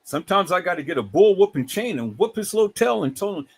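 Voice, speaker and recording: A middle-aged man hosting a livestream, talking in an animated, preachy way with many repeated words. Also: sits high, fast, vocal fry, breathy edge. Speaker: livestream host.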